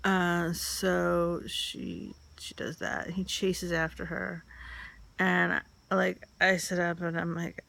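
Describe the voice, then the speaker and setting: A woman's voice: fairly low pitch, flat delivery, slow, creaky, fairly bright tone. A woman telling a candid personal story, rambling and filled with "like" and "um".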